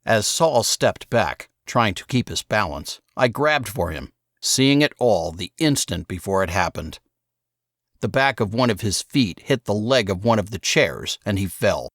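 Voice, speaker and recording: A man narrating an audiobook in the first person, with expressive storytelling. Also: on the low side, measured pace, no room sound, clean studio sound.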